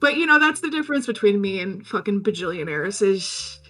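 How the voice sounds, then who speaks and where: A woman's voice: mid-range voice, animated, fairly quick, fairly bright tone. A young woman co-hosting a podcast, recapping a movie in a rambling, jokey way with lots of "like" and "um". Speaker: podcast co-host. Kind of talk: casual chat.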